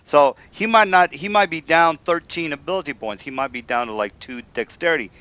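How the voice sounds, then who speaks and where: A man running a tabletop game as dungeon master, rambling and filling pauses with "uh". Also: on the high side, sharp tone, clean tone. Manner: rambling, lots of fillers. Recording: dull, lo-fi sound.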